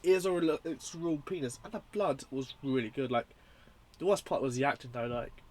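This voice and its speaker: A young man reviewing a horror film in a casual, rambling, profane and excitable way. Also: medium pitch, a little fast.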